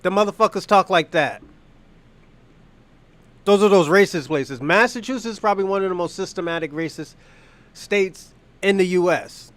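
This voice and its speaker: High-voiced man giving mocking commentary. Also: moderate pace, pauses often, a bit bright. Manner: mocking, blunt, swears freely, laughs at others. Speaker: streamer reacting to rally footage. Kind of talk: casual profane reaction commentary.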